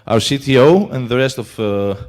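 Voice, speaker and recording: Greek-accented male conference speaker, halting delivery. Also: medium pitch, lively intonation, darkish tone. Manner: hesitant, many fillers. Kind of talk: conference talk. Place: conference hall.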